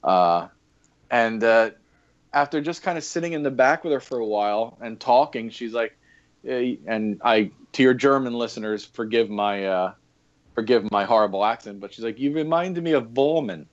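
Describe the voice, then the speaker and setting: On a podcast, a guest who once worked as an EMT and a historic fort coordinator tells rambling stories about those jobs in a relaxed interview. His voice is fairly low and moves at normal speed, peppered with fillers and laughter, and the remote recording sounds dull and lo-fi.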